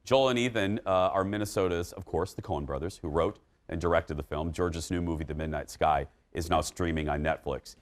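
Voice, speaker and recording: A man hosting an entertainment talk show, chatting casually with an animated, joking and emphatic manner. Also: low-pitched, fairly quick, hardly any pauses.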